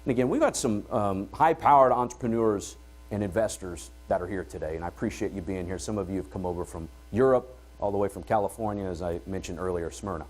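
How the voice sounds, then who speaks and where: A middle-aged man hosting a conference, speaking to an audience in an energetic, conversational way and often checking in with "all right?". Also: deep voice, fast talker, soft background music. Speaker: event host and entrepreneur. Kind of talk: conference opening talk. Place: conference hall before an audience.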